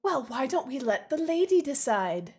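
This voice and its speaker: Brief: a woman playing a sly noble lady for a tabletop game, high, sarcastic and sweet. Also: big pitch swings, normal speed, a little mellow, husky, soft background music, heavily acted. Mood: mocking. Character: sly, haughty noblewoman at a ball.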